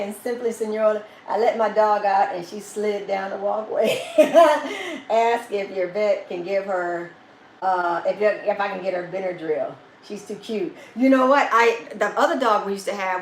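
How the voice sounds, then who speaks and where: A woman hosts a relaxed home livestream. She laughs often and slips into baby talk with her dog. The sound is echoey, with a faint hum of room noise behind her. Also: medium pitch. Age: 50s. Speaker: vlogger hosting a live chat. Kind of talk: casual livestream chat.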